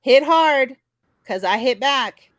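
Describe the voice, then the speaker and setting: A woman host reacts to a clip with sarcastic, mocking commentary. Her voice sits a little high and sounds dry and close to the mic. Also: expressive, slow, a bit bright, no room sound.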